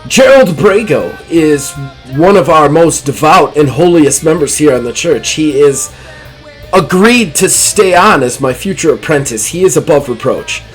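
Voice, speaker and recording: A man voicing a pious, commanding high church leader who speaks in formal, measured pronouncements. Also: expressive, faint music behind, rough recording. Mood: solemn.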